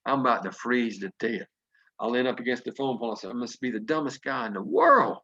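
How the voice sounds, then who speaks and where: With a medium-pitched, sing-song voice and a sharp tone, a North Carolina man in his fifties talks briskly on a video call. He tells earnest, folksy motivational stories in a Southern style, though the recording sounds muffled.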